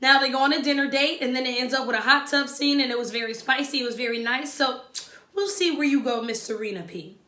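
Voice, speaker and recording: A woman's voice: sits high, quick pace, bright, forceful tone, roomy sound. A woman giving a casual, opinionated recap of a reality show, chatty and sassy as she talks straight to her viewers.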